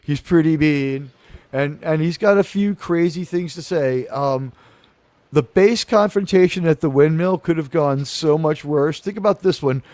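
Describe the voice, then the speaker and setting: A high-pitched male host chatting animatedly in a casual, comedic way. He rambles and restarts sentences often. His voice sounds close and dry. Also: measured pace, a little mellow, no echo. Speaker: talk show host.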